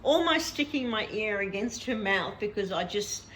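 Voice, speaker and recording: A woman's voice: mid-range voice, lively intonation, moderate pace, a bit bright, slight background noise. A middle-aged woman, chatting casually as a vlog host and laughing often as she tells a story. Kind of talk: casual chat.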